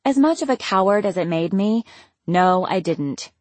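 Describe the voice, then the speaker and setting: A woman's voice: medium pitch, animated, moderate pace, no echo. A young woman narrating a novel in the first person, wry and casual, swearing now and then. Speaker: audiobook narrator.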